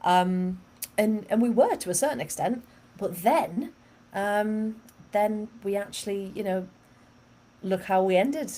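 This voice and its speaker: A woman co-hosting a casual football podcast, chatty, laughing often and filling pauses with fillers. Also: mid-range voice, mellow. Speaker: podcast co-host.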